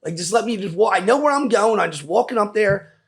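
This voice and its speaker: A man in his thirties with a Philadelphia accent, telling his story in a casual interview, animated and loose, saying "dude" a lot. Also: high-pitched, fast, vocal fry, slight background noise. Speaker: guest.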